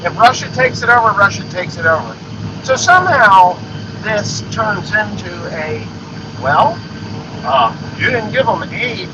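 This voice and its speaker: A man's voice: high-pitched, very animated, measured pace. A man ranting bluntly in a monologue, swearing and repeating himself. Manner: blunt, profane, repetitive. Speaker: podcast host. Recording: dull lo-fi sound with noise.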